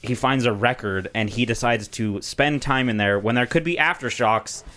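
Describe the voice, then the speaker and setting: A man's voice: medium pitch, normal speed, sharp tone. A man chatting casually with friends about a horror movie, laid-back and peppered with swearing and "like". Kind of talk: casual chat.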